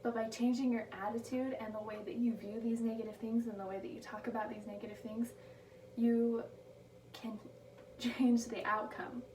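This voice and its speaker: A woman delivering a prepared motivational speech, slowing down to stress her key phrases. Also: fairly high pitch, level tone, mellow, recorded from a distance. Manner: emphatic, slows down on key phrases. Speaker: speaker giving a motivational speech. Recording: echoey room taken from afar, background noise.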